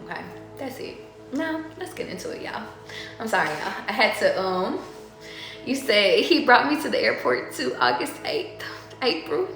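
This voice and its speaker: A woman's voice: on the high side, very animated, moderate pace. A woman tarot reader chatting casually, rambling between stories, swearing freely and laughing often. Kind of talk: casual chat. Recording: very echoey room, faint music behind.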